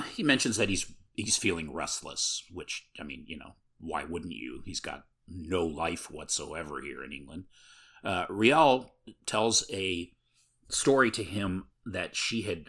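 A man with a deep, low voice recaps a movie in casual chat. His tone is bright and forceful, and he rambles with plenty of filler words.

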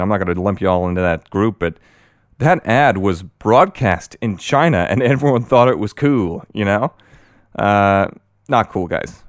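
A young man hosting a solo podcast, rambling and excitable with many fillers, and a bit out of breath. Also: on the low side, no echo, clean studio sound. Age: young adult. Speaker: podcast host.

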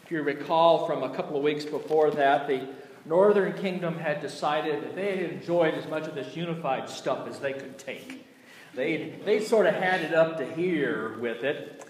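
A man with a Southern US accent, a pastor giving a sermon and reading scripture in a slow, deliberate way with folksy asides. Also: on the high side, a little hiss or hum. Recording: echoey church hall, mic at a distance.

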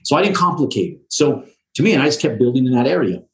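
A man's voice: mid-range voice, big pitch swings, fast talker, fairly bright tone, low-quality recording. A middle-aged man, a home builder, telling stories in a casual podcast chat, slangy and swearing freely, with loose restarts. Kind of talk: casual storytelling.

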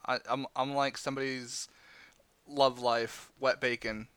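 A man's voice: mid-range voice, little pitch movement, a little slow, a bit bright, clean tone, dry recording, clean studio sound. A man joking wryly in a casual podcast chat. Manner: joking, wry.

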